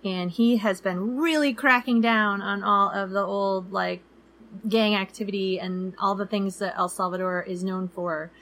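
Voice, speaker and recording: Woman, 30s, podcast co-host, casual rambling storyteller, average pitch. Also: steady tone, unhurried, a bit bright. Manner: chatty, many fillers, acts out quoted people. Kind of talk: casual chat.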